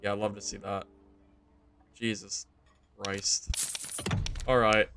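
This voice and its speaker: A young man casually commenting on his gameplay to stream viewers, joking and exasperated, jumping to loud high outbursts. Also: flat delivery, slow, vocal fry, faint music behind. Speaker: game streamer.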